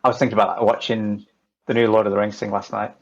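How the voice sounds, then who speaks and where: A man's voice: fairly low pitch, level tone, fast, lo-fi sound. Chatty man with a Lancashire accent. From northern England. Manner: chatty, swearing, jokey. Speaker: podcast guest. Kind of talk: casual chat.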